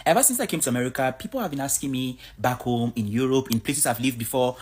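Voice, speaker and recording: A woman's voice: very deep voice, fast talker, hardly any pauses, a little mellow, husky. A woman from Cameroon, giving a blunt, outspoken vlog monologue. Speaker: vlogger.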